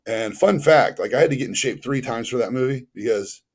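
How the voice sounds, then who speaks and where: A man from the Los Angeles area, a podcast guest telling stories in a casual, animated way, acting out quoted dialogue and using lots of fillers. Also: mid-range voice, a little fast, slight background noise. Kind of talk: casual storytelling.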